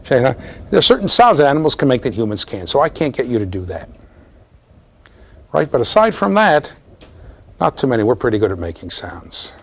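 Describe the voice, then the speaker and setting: A middle-aged man giving a university lecture, animated and storytelling, often checking in with the class. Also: mid-range voice, a little fast, creaky, pauses often, slightly rough. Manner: animated storytelling, mimics voices, asks the class "right?". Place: lecture hall.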